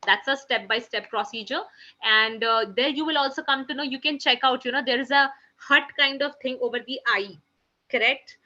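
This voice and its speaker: A woman's voice: high-pitched, moderate pace, bright, forceful tone, lo-fi sound. A woman teaching a live online French class. She keeps calling the students "guys" and says each French phrase twice. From India.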